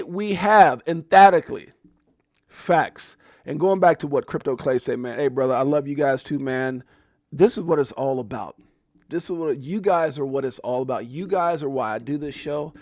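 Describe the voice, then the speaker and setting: A man hosting a livestream, talking excitedly to his chat and repeating himself. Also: fairly high pitch, dry recording. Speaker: livestream host.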